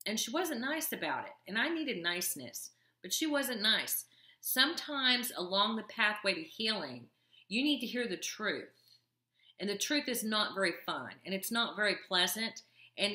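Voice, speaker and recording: Woman self-help coach, confiding talk to camera, bright voice, roomy echo. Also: mid-range voice, sing-song, normal speed. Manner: earnest, confiding, wry asides.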